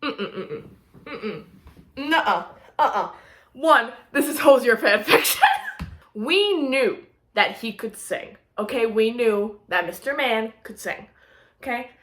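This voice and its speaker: A woman's voice: a little high, unhurried. Gushing young woman in an echoey room. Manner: excitable, gushing, drifts into giggles and squeals. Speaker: book vlogger. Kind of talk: casual reading vlog chat.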